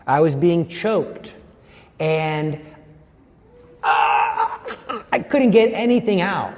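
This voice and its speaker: A man's voice: sits high, a little mellow, big-room sound. A man giving an earnest personal faith testimony, telling his story vividly.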